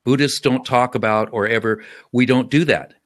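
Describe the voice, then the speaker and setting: A man talks politics on a casual panel in an earnest, halting way, stumbling and restarting as he goes. His voice is mid-pitched and the recording is dry and close. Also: no room sound. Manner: hesitant, many fillers and restarts, earnest.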